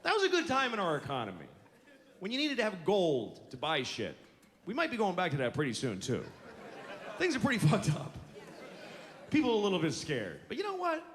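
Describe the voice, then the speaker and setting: A man's voice: sits high, wildly swooping pitch, fairly quick, long pauses. A male stand-up comedian doing a set on stage, profane, exasperated and mocking. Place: theater stage. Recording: big hall with a loud, laughing crowd.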